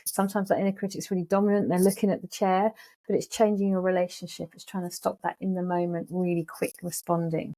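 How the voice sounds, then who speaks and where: A woman's voice: lowish voice, quick pace. A woman psychologist, talking animatedly as an interview guest and acting out anxious thoughts. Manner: lively, animated, acts out thoughts in quoted voices. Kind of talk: casual interview talk.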